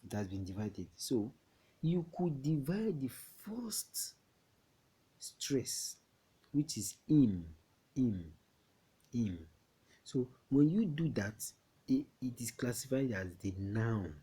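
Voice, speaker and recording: A man from Nigeria teaching a classroom English lesson, slow and repetitive, often checking that students understand. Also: medium pitch, big pitch swings, dark tone, breathy edge.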